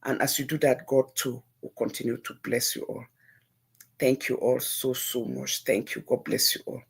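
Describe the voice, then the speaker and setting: A woman's voice: a bass voice, little pitch movement, normal speed, vocal fry, slightly rough. A middle-aged Nigerian woman hosting a live-stream call-in show, talking earnestly and pleadingly, repeating herself and slipping into pidgin. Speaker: livestream host.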